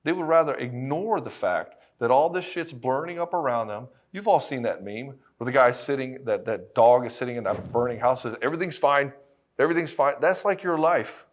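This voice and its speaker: A middle-aged man coaching married men in a blunt, profane, emphatic monologue, speaking straight to the listener. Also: mid-range voice. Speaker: relationship coach. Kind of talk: direct-to-camera monologue.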